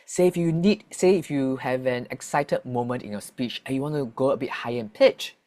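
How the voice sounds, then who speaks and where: A man's voice: mid-range voice, a little fast, darkish tone. A man working as a voice coach from Singapore, patiently explaining vocal exercises in an interview, restarting his phrases often.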